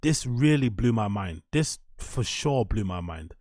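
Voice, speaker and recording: A man's voice: fairly low pitch, expressive, measured pace, darkish tone, no echo, studio quality. Sweary man ranting. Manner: subdued and muttering after the rant. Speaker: streamer and show host. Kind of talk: live stream commentary.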